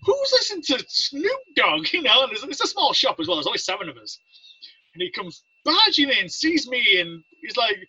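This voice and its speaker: A man from England with an English accent talks high, brisk and very animated, his tone sharp and slightly rough. As a Navy veteran on a podcast, he rambles through casual anecdotes and acts out quotes. The recording is muffled with no room sound.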